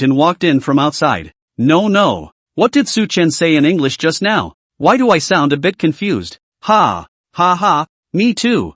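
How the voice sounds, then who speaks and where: A man narrating a comic story recap in a scripted, lively reading style. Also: on the high side, dry recording. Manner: lively, reads out laughter as words.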